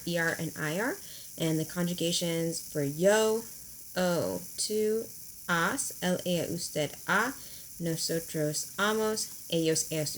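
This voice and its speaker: Teacher lady, lowish voice, walking thru spanish verb endings, faint hiss behind. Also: rough recording. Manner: friendly, explanatory, slows down to spell out verb endings. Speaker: high school Spanish teacher. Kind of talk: recorded video lesson at a whiteboard.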